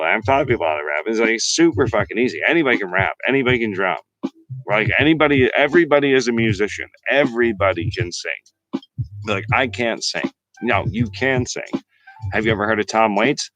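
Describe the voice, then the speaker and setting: Low-voiced profane freestyle rapper. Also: male voice, bright, forceful tone, low-quality recording. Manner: rambling, heavily profane, boastful. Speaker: livestream host and freestyle rapper. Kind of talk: casual livestream chat and freestyle rap. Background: faint hip-hop beats.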